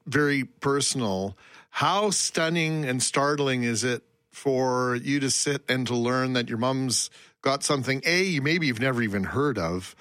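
A man hosting a radio interview, asking measured, sympathetic questions. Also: mid-range voice, fairly bright tone, no room sound. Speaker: radio host.

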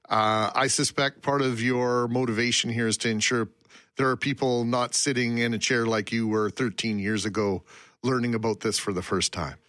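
A man hosts a live radio interview and asks measured, probing questions. His voice is mid-pitched and recorded dry and close in the studio. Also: fairly bright tone, no echo. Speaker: radio host.

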